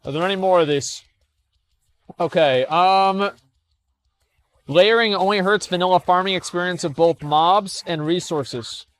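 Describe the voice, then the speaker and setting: A man's voice: sits high, unhurried, long pauses, fairly bright tone. A young man streaming casual commentary as he reads forum posts aloud, blunt and scornful, swearing, stammering and restarting.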